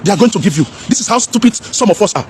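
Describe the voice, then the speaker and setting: A man's voice: high-pitched, expressive, rapid-fire, background noise. A man in an impassioned, preachy monologue, asking rhetorical questions and slipping into pidgin.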